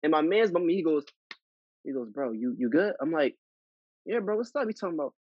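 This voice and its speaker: Man hosting a podcast, lively storytelling. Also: fairly high pitch, brisk, breathy edge, no room sound, highs cut off. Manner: animated storyteller, acts out dialogue. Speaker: podcast host. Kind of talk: casual chat.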